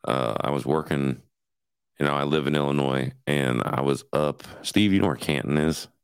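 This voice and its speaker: Very deep, smooth-voiced male host. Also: normal speed, no room sound. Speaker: podcast host. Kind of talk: casual chat.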